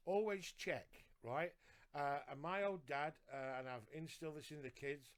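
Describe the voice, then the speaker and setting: Brief: man, podcast co-host, earnest, slightly high voice, drives his points home by repeating them. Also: moderate pace, clear, resonant tone. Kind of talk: casual live podcast chat.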